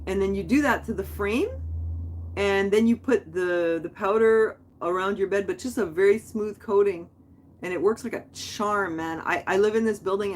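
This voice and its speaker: A woman's voice: fairly low pitch, slight background noise. Chatty, rambling woman livestream host. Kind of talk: casual chat.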